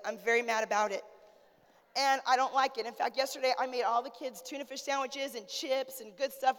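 A woman pastor preaching a sermon in a conversational, humorous way, calling out to the congregation. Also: high voice. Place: church sanctuary. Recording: long church reverb.

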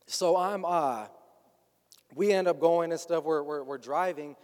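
A man's voice: a little high, a little slow, a little mellow. A man telling a personal story in a conversational way, often slipping into quoted dialogue. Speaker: guest recounting his past. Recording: long hall reverb.

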